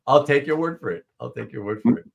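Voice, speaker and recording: A man hosting a casual video call chat about comic art, relaxed and explaining patiently. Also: medium pitch, vocal fry, slightly rough. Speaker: show host.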